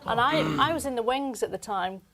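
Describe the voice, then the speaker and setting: A woman's voice: a little high, animated, brisk, crowd noise, rough recording. A woman, a comedian guest on a podcast, telling stories in a dry, understated way. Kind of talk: casual podcast chat.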